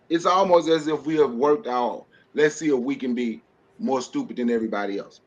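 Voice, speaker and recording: Male panelist, passionate preachy delivery, slightly high pitch, dull stream sound. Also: moderate pace. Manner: impassioned, preachy, with rhetorical questions and laughs. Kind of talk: livestream podcast commentary.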